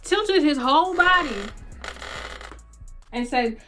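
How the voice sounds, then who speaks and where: A young woman casually telling a story to her vlog audience, animated, acting out the people in it. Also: a little high, measured pace, faint music behind. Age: young adult. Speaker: vlogger.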